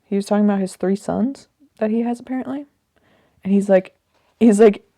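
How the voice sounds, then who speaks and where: Speaking fairly quickly but with long pauses, a woman with a medium-pitched, dark voice thinks aloud about a book she's reading. It's casual, rambling commentary from a host, recorded without room sound.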